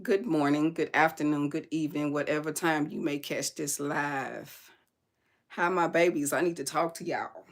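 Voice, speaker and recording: A livestream host with a hoarse, raspy voice, venting emphatically about faith, repeating lines and swearing freely. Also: medium pitch, steady tone, moderate pace. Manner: preachy, speaks of God and spirit. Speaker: live stream host. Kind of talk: casual live-stream venting.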